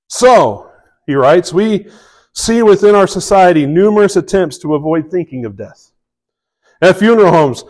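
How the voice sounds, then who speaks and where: A pastor's fairly high voice carries a darkish tone on this rough recording. His sermon is conversational, punctuated by frequent check-ins with listeners and scripture read aloud with growing emphasis.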